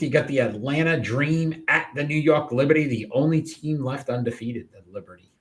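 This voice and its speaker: A man in the co-host seat of a sports show, rattling off matchups with an upbeat, easy delivery. His voice sits at a middle pitch and runs through loose, joking banter. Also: moderate pace, few pauses. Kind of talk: casual sports picks chat.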